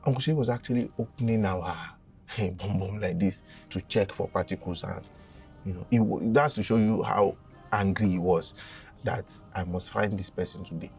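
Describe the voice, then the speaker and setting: A young Nigerian man telling a funny confession story in a casual, dramatic and animated way, with a gravelly voice. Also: lowish voice, moderate pace, distant mic, faint music behind. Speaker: guest.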